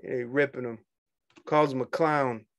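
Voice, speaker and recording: A man, a union organizer talking casually to fellow members, animated and quick to laugh and scoff. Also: medium pitch, no room sound. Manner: animated, laughs often, dismissive asides.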